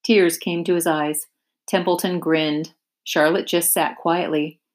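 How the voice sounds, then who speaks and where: A woman teacher reading a children's chapter book aloud with clear, expressive narration. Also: lowish voice, a little slow. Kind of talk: storybook read-aloud.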